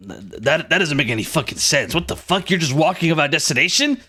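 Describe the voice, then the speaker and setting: A man voicing a huge, menacing male frost giant who speaks gruffly and threateningly. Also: fairly high pitch, lively intonation, fast, bright, forceful tone, faint music behind.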